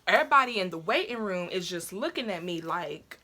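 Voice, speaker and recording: A woman's voice: fairly low pitch, expressive, a little fast, noisy background. A young woman tells her labor story casually and animatedly, swearing and acting out her own past cries. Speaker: vlogger.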